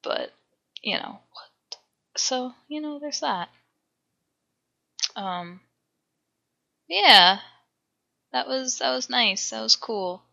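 A lively young woman tells a story on a casual podcast, her voice bright and jumping all over her range. She laughs, swears freely and acts out every line of what people said. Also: a little high, drawn-out words, gravelly, pauses often, dull audio. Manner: animated storyteller, swearing, laughing, acting out quotes. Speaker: podcast co-host. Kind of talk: casual chat.

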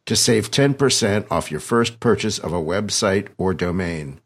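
A man's voice: fairly low pitch, expressive, normal speed, few pauses, breathy edge. A man hosting a podcast, reading an ad and then chatting with a guest in a jokey, rambling, self-deprecating way. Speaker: podcast host. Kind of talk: conversational podcast interview.

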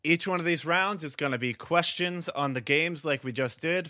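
Bright-voiced young man hosting a quiz. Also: on the high side, no room sound, studio quality. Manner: upbeat, announcing scores with chuckles. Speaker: podcast host running a quiz. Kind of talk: casual podcast quiz hosting.

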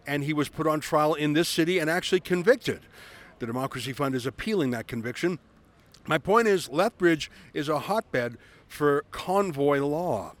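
A man's voice: a little high, fairly bright tone. Man hosting a commentary show. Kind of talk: political commentary monologue.

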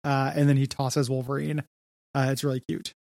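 Young male podcast co-host, gravelly, dry close sound, rambling casual chat. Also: medium pitch, flat delivery, moderate pace, darkish tone, no echo. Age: young adult. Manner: rambling, heavy on fillers. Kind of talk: casual comics discussion.

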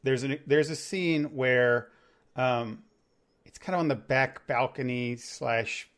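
A man chatting casually on a movie podcast, retelling a scene in a lively, rambling way with many restarts. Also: medium pitch, takes it slowly. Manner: animated storytelling, rambling with restarts.

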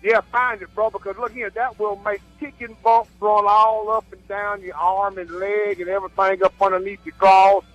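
Guy calling in, high bright voice, rambly and excited, dull phone line w/ a little music under it. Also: moderate pace, hardly any pauses, no echo. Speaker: caller. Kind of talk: call-in radio chat.

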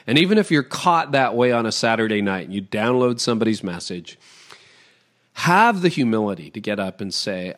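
A middle-aged man from Toronto, a pastor talking on a podcast in an animated, emphatic way, giving practical advice in quick lists. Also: on the low side. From Toronto, Canada. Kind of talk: conversational podcast interview.

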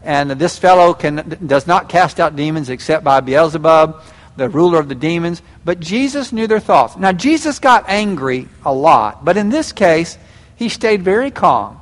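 Older male pastor, animated storyteller, slightly high voice, reverberant hall. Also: moderate pace. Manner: animated storytelling, acting out prayers and quotes. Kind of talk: sermon.

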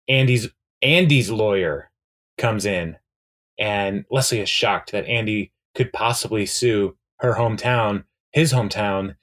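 A man's voice: lowish voice, a bit bright. A man co-hosting a podcast, casually recapping a TV episode in a rambling way, with lots of fillers and frequent laughs. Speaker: podcast co-host.

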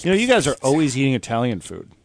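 A man's voice: mid-range voice, huge pitch swings, racing, gravelly, no room sound. Young male podcast host, easygoing and teasing, dry close sound. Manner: easygoing, ribbing his co-hosts. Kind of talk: casual comedy podcast chat.

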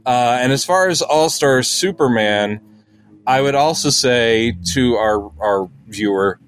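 A man's voice: medium pitch, slow pace, a little hiss or hum. A man co-hosting a podcast, chatting casually about comic books and acting out quotes in silly voices. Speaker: podcast co-host.

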